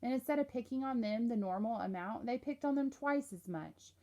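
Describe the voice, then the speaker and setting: A woman narrating a novel aloud in a plain, steady storytelling voice. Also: a little high, brisk. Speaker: audiobook narrator.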